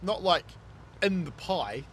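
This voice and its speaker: A man's voice: high-pitched, lively intonation, slow, a bit bright, slight background noise. A man, chatting casually with his live-stream viewers as he plays, reading chat aloud and laughing often. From New Zealand. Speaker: game streamer.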